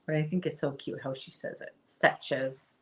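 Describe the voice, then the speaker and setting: A woman's voice: low voice, fairly even intonation, quick pace, darkish tone. A woman hosting a crochet livestream, chatting casually with her viewers and answering their comments, often restarting her sentences. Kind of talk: casual live chat while crocheting.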